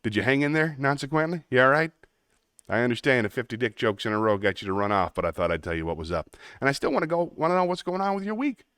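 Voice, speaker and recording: A man's voice: mid-range voice, big pitch swings, fast, a bit bright, smooth, no echo, studio quality. A man hosting a casual livestream, rambling in a self-deprecating way and answering chat messages aloud. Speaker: livestream host.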